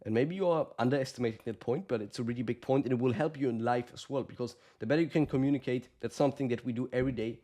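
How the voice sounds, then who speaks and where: A man's voice: medium pitch, rapid-fire, few pauses, dark tone. A man giving casual, blunt coaching advice to the camera, swearing often and calling the listener brother. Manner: acts out quoted lines of fighters. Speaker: combat sports coach.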